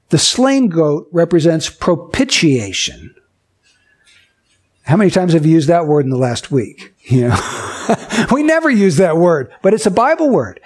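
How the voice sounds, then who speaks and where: A male preacher with a fairly high voice delivering a teaching sermon. He explains doctrine step by step, tells everyday stories to make it concrete, and slows right down on the words he wants to land. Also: a little mellow. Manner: emphatic, with slow stressed key phrases.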